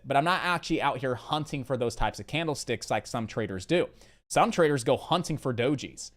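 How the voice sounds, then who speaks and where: Running a live day-trading stream, a man with a medium-pitched voice takes questions from viewers. His answers wander, packed with filler words, and he circles back to key points by listing them again.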